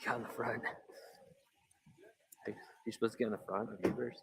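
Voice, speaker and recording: A man's voice: medium pitch, flat delivery, brisk, creaky, a bit bright, slight background noise. A man live-streaming in rambling casual chat, full of "like" fillers and restarts. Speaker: livestreamer.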